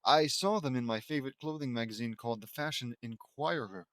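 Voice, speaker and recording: A man's voice: medium pitch, brisk, no room sound, close to an everyday voice. A man reading the lines of a friendly, eager young man who is polite and a little nervous.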